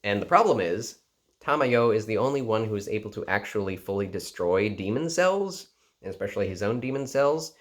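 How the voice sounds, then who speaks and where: A man casually recapping an anime episode in an animated way, full of "like" and "you know". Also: on the low side, brisk. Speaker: anime reviewer.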